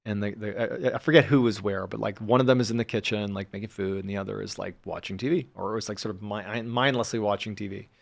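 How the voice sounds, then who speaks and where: Sex: male. Role: storyteller guest. Style: casual storytelling. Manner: relaxed, filler-heavy. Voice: lowish pitch, dry and close. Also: fast talker, creaky, hardly any pauses, no room sound.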